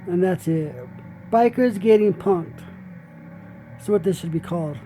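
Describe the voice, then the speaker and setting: A man's voice: sits high, measured pace, mellow, faint music behind, low-quality recording. A man hosting a reaction video, giving brash, profane, trash-talking commentary.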